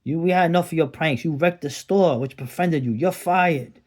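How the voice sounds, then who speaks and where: A man's voice: on the high side, normal speed, a little mellow, pitched above the performer's own voice, natural voice. An indignant shopkeeper barks out his complaints in a raised, scolding voice, as a man reading an old comic puts him on. He sounds like a middle-aged man with no patience left, reading a comic aloud.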